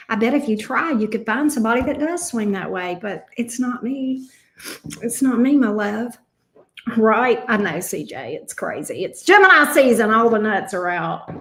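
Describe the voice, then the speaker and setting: Chatty, animated female tarot reader. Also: a little high. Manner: chatty, exclamatory, teasing, swears casually. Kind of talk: live-streamed tarot reading, chatting with viewers. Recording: echoey room.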